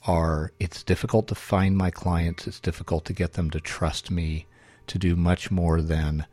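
A man's voice: low voice, a little mellow, breathy edge, dry recording. A man hosting a solo podcast, thinking aloud in a wry, self-correcting way. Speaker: podcast host.

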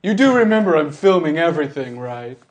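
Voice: mid-range voice, sing-song, a little fast, lightly acted. A game master voicing a demanding rich captive who makes threats. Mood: haughty.

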